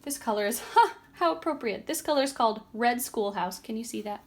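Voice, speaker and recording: A woman vlogger giving a casual, chatty craft tutorial at home, relaxed, with frequent ums and a tired, yawning edge. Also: a little high, a little fast. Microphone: camera on a tripod.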